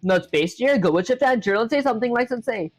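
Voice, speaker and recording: A live-streaming programmer walks through code at a quick pace, voice mid-pitched and lively. Speech is chatty, filler-heavy with lots of "like," and self-deprecating, the chat is always "guys," and quiet music plays low underneath.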